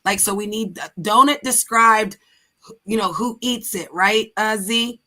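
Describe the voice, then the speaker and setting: An American woman hosting a live stream, loud and laughing, swearing freely and bossing her friends into a game. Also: mid-range voice, unhurried. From United States. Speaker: streamer host. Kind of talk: casual stream banter.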